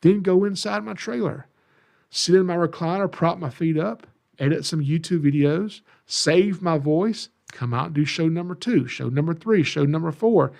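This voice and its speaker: Gravelly Southern man telling stories. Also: fairly high pitch, moderate pace, darkish tone. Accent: Southern US (Georgia). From Georgia, USA. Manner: folksy, self-deprecating, repeats phrases. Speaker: podcast host, snake educator. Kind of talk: casual storytelling monologue.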